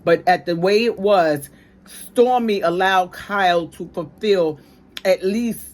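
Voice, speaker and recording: A woman's voice: lowish voice, slow pace, a little mellow. Opinionated New woman ranting. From New York. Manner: emphatic, slangy, ranting. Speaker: commentary channel host. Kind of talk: opinionated commentary.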